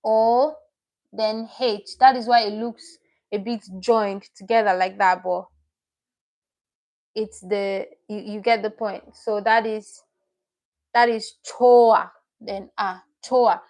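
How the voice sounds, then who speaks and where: A woman's voice: mid-range voice, steady tone, slow, pauses often, a little mellow. A woman teaching a live online language lesson, patient and repeating each word as she explains it step by step.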